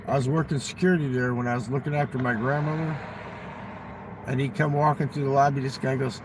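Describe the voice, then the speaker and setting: A man's voice: mid-range voice, steady tone, fairly quick, background noise. An older man telling rambling, profane, boastful stories in casual talk. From United States. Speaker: livestream guest telling stories. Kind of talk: rambling storytelling. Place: fast-food restaurant.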